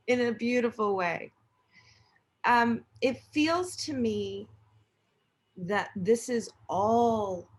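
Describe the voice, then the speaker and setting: Female host, unhurried and gentle, reflective questions. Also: mid-range voice. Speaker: interview host. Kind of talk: interview questions.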